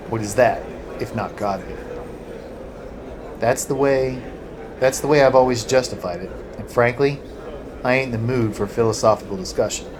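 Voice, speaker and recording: A man reading the part of a weary, gruff male Godsman who lectures impatiently, over a noisy home recording. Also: mid-range voice, natural voice. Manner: gruff, dismissive, speechifying.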